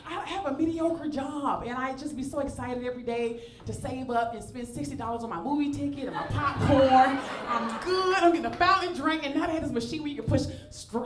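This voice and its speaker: A woman from the Southern US with a Southern accent, doing a playful, self-mocking stand-up comedy set on a club stage into a handheld mic. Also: high-pitched. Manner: animated, self-mocking, playful asides to the crowd. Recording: echoey club with audience laughter.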